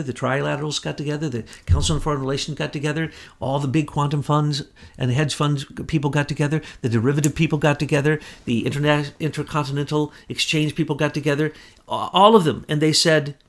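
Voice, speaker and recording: A man with an Ozark accent, co-hosting casual political commentary, telling it as an animated story. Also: on the high side, fast talker. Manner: animated storyteller, acts out quotes. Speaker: co-host.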